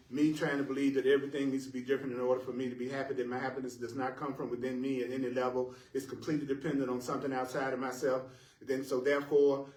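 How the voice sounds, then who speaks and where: Leading a live spiritual class for listeners in the room, a man with a medium-pitched voice is animated and playful, laughing at his own jokes and repeating phrases for emphasis. The recording has a roomy echo, his voice captured from a distance.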